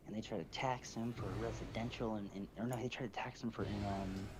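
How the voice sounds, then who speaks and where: A man's voice: fairly low pitch, steady tone, a little fast, background noise. A man telling family stories in casual chat, rambling and swearing, laughing between lines. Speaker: stream party guest.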